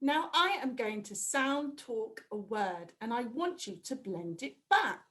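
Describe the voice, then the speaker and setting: A woman teaching a phonics lesson to a reception class, sounding out letters slowly and speaking with animated exclamations. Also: a little high. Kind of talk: phonics lesson for young children.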